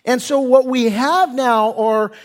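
A man's voice: very high voice, slow, in a large hall. A male pastor preaching a sermon in a church sanctuary, talking in a folksy, conversational way with stumbling restarts.

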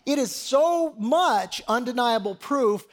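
Male pastor, sermon delivery, mixes scripture reading with plain-spoken paraphrase, hushed emphasis. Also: very high-pitched, animated, slow pace.

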